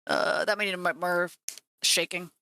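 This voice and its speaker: A woman's voice: fairly low pitch, fairly even intonation, normal speed, sharp tone. A woman streaming as she paints miniatures, chatting casually and teasing her cat at home. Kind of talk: casual live-stream chat.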